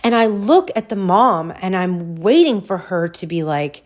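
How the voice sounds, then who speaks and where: A woman's voice: fairly low pitch, unhurried, hardly any pauses. A woman in her forties hosting a podcast, animatedly telling a personal story to listeners and acting out her own reactions. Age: 40s. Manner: animated, addresses listeners as "you guys", acts out her reactions. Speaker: podcast host.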